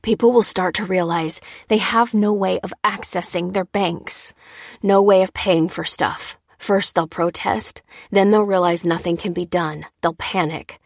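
A woman's voice: lowish voice, fairly even intonation, a little slow, creaky, no room sound, clean studio sound. A woman reading the lines of a tense adult man, clipped and insistent, in a storybook reading. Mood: urgent.

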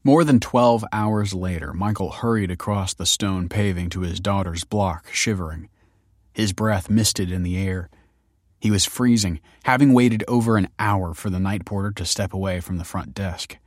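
A man narrating an audiobook in a steady, measured way. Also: deep voice, dry recording, clean studio sound.

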